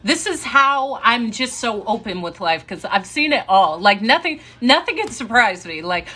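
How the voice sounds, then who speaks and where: A young woman casually telling a story to a live audience, chatty and animated and laughing now and then. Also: mid-range voice, moderate pace.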